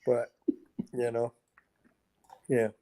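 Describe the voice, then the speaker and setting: A man, a mixed martial arts fighter, telling his fight stories in a casual interview, animated and profane, with lots of filler words. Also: medium pitch, very slow. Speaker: MMA fighter guest.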